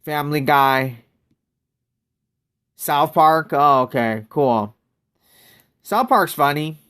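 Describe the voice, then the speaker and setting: A man's voice: on the high side, slow pace, a bit bright, clear, resonant tone. A man streaming a mobile basketball game, chatting casually and greeting viewers from chat.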